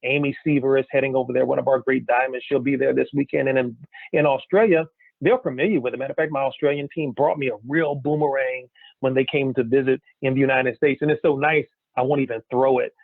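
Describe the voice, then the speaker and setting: A man giving an energetic sales pitch, firing off rhetorical questions to his listeners. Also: quick pace, vocal fry, no echo. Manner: energetic, rhetorical questions, keeps saying "guys". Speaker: business opportunity presenter. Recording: tinny phone-like dry recording.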